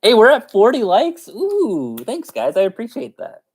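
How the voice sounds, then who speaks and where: A giggly man chats with his viewers on a live stream, his pitch swinging up and down as he talks. He is playful and chatty, and laughs his way through most sentences. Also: wildly swooping pitch, normal speed, husky. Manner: giggly, keeps breaking into laughter. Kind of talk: casual live-stream chat.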